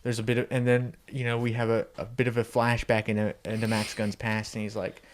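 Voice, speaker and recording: A man co-hosting a comedy podcast, improvising a story in a rambling, laughing way and jumping into squeaky voices, recorded on a handheld recorder. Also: monotone, brisk. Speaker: podcast co-host.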